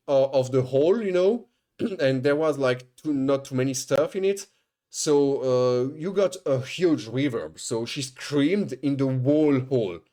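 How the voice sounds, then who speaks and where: Man, streamer, casual storytelling, animated, restarts, swearing. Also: on the high side.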